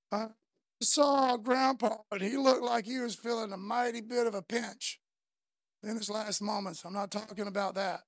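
A woman's voice: fairly high pitch, measured pace, dry recording. A woman preacher delivering a fervent, conversational sermon full of casual slang.

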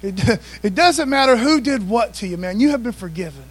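A man's voice: sits high, lively intonation, moderate pace, rough recording. A man preaching a sermon in a conversational style, often calling out to the congregation for responses. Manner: conversational preaching, frequent call-outs to the congregation. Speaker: pastor.

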